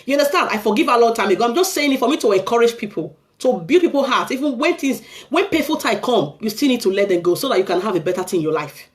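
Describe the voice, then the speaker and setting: Animated Nigerian woman telling her story. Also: fairly high pitch, fast, hardly any pauses. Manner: animated, pleading, preacherly. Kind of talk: emotional personal testimony.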